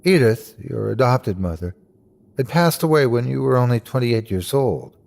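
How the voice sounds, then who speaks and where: A man voicing a hospital nurse in a horror story, speaking in a calm, even, matter-of-fact way. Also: mid-range voice, normal speed, creaky. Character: calm hospital nurse breaking bad news.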